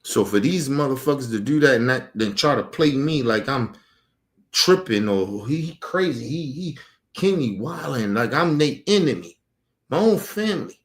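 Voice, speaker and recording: A man's voice: mid-range voice, expressive, normal speed. A man ranting heatedly about his family, angry, emphatic and full of profanity. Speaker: streamer. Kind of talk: heated personal rant.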